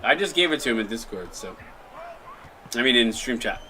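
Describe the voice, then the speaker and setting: A man hosting a live stream, mixing casual chat with excited play-by-play calls. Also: medium pitch, brisk, a little hiss or hum, low-quality recording. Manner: chatty, jokey, breaks into excited shot calls. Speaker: play-by-play commentator and stream host.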